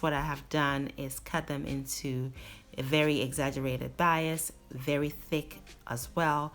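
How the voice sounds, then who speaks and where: A woman's voice: low-pitched, a bit bright. A woman hosting a cooking video, explaining each step of a recipe in an instructive way and stressing key words. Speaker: cooking channel host.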